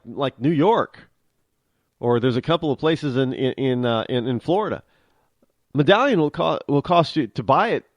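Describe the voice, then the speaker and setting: A man's voice: a little high, no room sound. A man hosting a talk show, delivering an opinionated monologue with emphatic restarts and repeated words.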